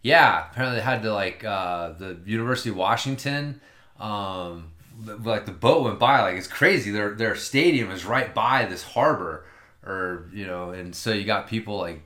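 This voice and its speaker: Lowish rambling, swearing storyteller man. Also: animated, moderate pace, bright, forceful tone, echoey room. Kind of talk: casual chat.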